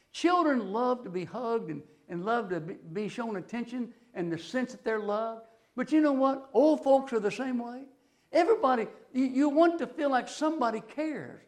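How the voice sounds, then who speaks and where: Folksy older preacher, high voice. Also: male voice, vocal fry. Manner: folksy, rambling storyteller with restarts. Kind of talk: folksy sermon with stories.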